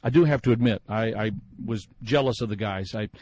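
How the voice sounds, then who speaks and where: A man's voice: on the low side, fairly quick, darkish tone, no echo, rough recording. A man hosting a sports talk radio show, musing in a chatty way with many fillers and restarts.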